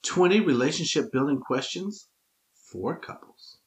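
A man's voice: a little high, expressive, unhurried. A man co-hosting a podcast in casual chat, joking and wisecracking, laughing a lot. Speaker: podcast co-host.

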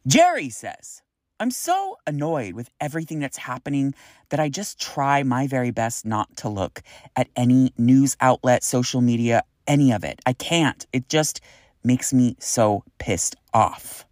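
A woman's voice: rumbling low, very animated, a little slow, darkish tone, no room sound, studio quality. A woman hosting a podcast, reading listener messages in a blunt, casual way, swearing freely and sighing in exasperation. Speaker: podcast host.

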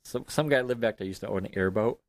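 A man's voice: fairly low pitch, fast talker, no echo. A man co-hosting a casual home podcast, telling stories animatedly and laughing often, close to a desk mic. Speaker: podcast co-host. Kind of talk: casual chat. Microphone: desk studio mic.

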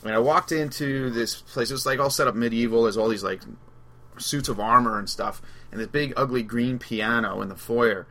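A man's voice: mid-range voice, normal speed, fairly bright tone. A man hosting a podcast, telling rambling stories in casual chat and laughing as he goes. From Long Island, New York. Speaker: podcast host.

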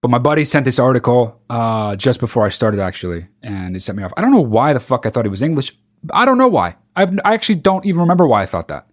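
A man's voice: mid-range voice, very animated, fast. A man hosting a podcast, ranting sarcastically and profanely as he reads a news story aloud. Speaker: podcast host. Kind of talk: casual comedic podcast rant.

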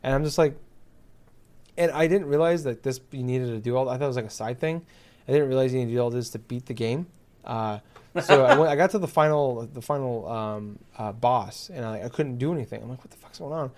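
A man's voice: mid-range voice, fairly quick, darkish tone. A man chatting casually who rants with exasperation and swears freely. His speech is loose and filled with fillers. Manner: profane, exasperated ranting with many fillers. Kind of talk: casual chat.

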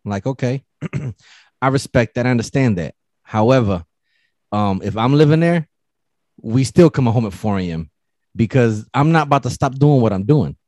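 A man's voice: medium pitch, moderate pace, dry recording. A man in casual chat, telling stories with lots of swearing and acting out what people said. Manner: animated storyteller, profane, acts out quotes.

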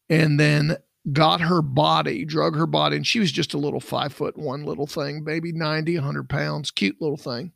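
Middle-aged man, ex-investigator type, very gravelly voice, dry close sound, rambling storyteller. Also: fairly high pitch, a bit bright, no echo. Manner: rambling, acts out quoted dialogue. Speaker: podcast co-host, former investigator. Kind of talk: casual true-crime storytelling.

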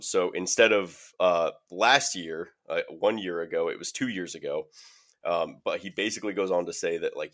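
Deep-voiced man rambling through a recap. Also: a bit bright. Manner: rambling, filler-heavy retelling. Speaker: podcast host. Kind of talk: casual movie recap.

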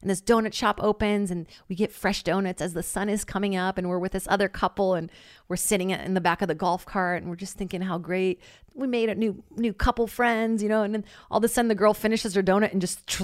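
Animated woman telling a comic story. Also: medium pitch, a little fast, no room sound, studio quality. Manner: animated, swears freely, acts out quotes. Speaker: podcast host. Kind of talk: casual comedic storytelling.

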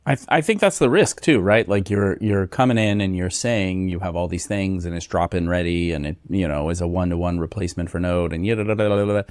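A man hosting a podcast in a relaxed, agreeable, casual chat. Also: low-pitched, a little fast, few pauses, no echo, studio quality. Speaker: podcast host.

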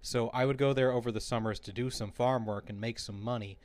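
A man hosting a casual podcast chat, telling stories in an animated way and laughing often. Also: medium pitch, fairly quick. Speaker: podcast host.

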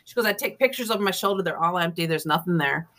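A woman's voice: fairly low pitch, fast talker. A woman guest author in an interview, telling ghost stories casually and acting out other people's lines as she goes. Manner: lively storyteller, acts out quoted dialogue, laughs often.

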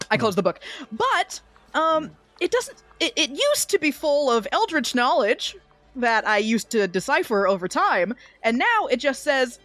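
A woman's voice: fairly high pitch, fairly bright tone, no room sound. A woman talking as a player in a tabletop role-playing game, rambling, correcting herself and swearing casually. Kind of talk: in-character tabletop play.

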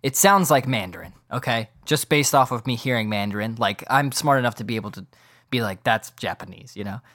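A man's voice: medium pitch, lively intonation, fairly quick, a bit bright. A man hosting a casual sports podcast, ranting in a rambling, incredulous way. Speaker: podcast host.

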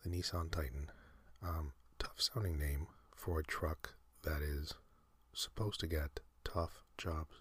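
A man hosting a sleep podcast, talking in a soft breathy whisper, slow and meandering with many fillers. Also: rumbling low, fairly even intonation, dry recording. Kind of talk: rambling whispered sleep talk.

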